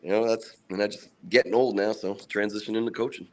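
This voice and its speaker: A man in his thirties from near Boston with a mixed Boston accent, a rugby coach talking casually in an interview, humble and halting with many fillers. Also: lowish voice, fairly even intonation, a little mellow. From Massachusetts, south of Boston. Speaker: assistant rugby coach, guest.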